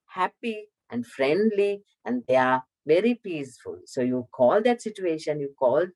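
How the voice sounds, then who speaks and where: A woman teacher with a Sri Lankan English accent, giving a slow televised classroom lesson and talking directly to children. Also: low-pitched. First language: Tamil.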